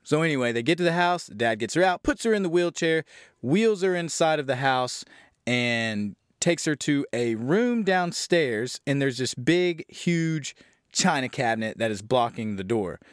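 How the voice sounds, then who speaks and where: A man with a mid-range voice talks at normal speed, his tone smooth, in a dry, clean studio recording. He's a podcast host from Southern Louisiana recapping a horror film, rambling and swearing through an animated, casual retelling of the story.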